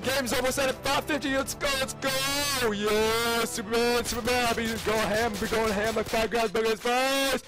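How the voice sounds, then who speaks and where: A man putting on a loud, boastful hype-man voice for comedic gameplay commentary, full of slang and shouted brags. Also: extremely high pitch, little pitch movement, moderate pace, few pauses, loud music behind the voice, voice pushed up. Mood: hyped.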